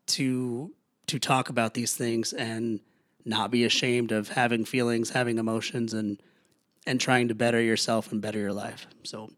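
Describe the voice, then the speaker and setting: A man hosts his own podcast in a halting, earnest way, often stopping and starting over. He sounds low and weary but keeps going. His voice sits at an ordinary pitch and is recorded dry and close. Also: steady tone, dry recording, faint music behind. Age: young adult to middle-aged, a father. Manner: halting, earnest, many restarts. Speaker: podcast host. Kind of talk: personal solo podcast talk.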